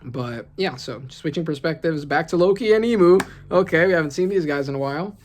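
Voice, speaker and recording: A host reading comic panels aloud and reacting excitedly in casual commentary, often asking "right?". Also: medium pitch, fairly quick, slight background noise. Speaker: manga reaction channel host.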